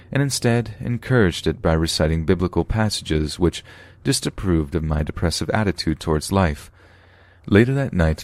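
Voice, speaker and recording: A man with a very low, deep voice reads a true horror story in a steady, measured way. The sound is dry and close to the mic, with no room around it. It feels like scripted podcast narration. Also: dry recording.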